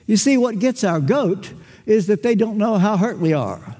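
An older man delivers a sermon with emphatic, measured phrasing. He acts out small dialogues between people and lets long pauses hang. His voice is high but mellow, ringing in a reverberant hall. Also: expressive. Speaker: preacher.

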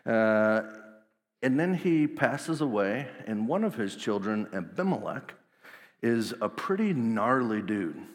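A man preaching in a casual, jokey, slangy way, retelling a story. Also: mid-range voice. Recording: long hall reverb.

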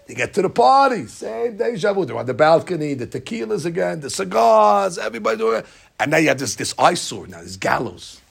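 A man giving a lively, jokey storytelling lesson as a religious teacher. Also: high-pitched, fairly quick, creaky, husky. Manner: lively, jokey, acts out scenes.

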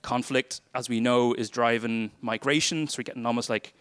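A young Irish man talks a youth group through a workshop in a loose, joking way. His voice is smooth and clear, and the sound is dry and close, with no room echo. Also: medium pitch, fairly even intonation, moderate pace, a bit bright. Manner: chatty, self-deprecating, loose and conversational. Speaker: charity workshop speaker. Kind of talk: casual presentation to a youth group.

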